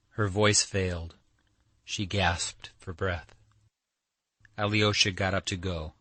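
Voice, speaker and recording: A male audiobook narrator reading a classic novel in a measured, even manner. His voice is fairly low. The recording is close and dry. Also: dry recording. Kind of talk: scripted narration.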